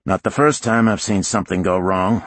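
A man's voice: deep voice, steady tone, normal speed, fairly bright tone, dry recording, pitched above the performer's own voice. A man voicing a jaded male reporter who speaks in an offhand, weary way.

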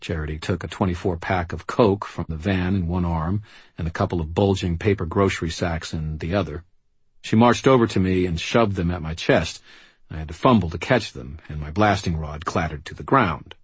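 A man's voice: low-pitched, moderate pace, slightly rough, no room sound. A man giving dry, wry first-person narration for an audiobook.

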